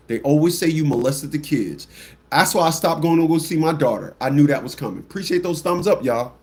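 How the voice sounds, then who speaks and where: A man hosting a livestream talk show, telling a story bluntly and mockingly, repeating phrases and mimicking people with shrill squawks. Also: expressive, fairly quick, darkish tone. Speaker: radio show host.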